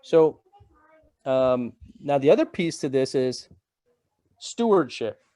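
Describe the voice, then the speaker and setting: A man's voice: medium pitch, sing-song, takes it slowly, warm tone, no room sound. A middle-aged man giving a webinar presentation in a casual, conversational way, repeating phrases and checking in with "right?".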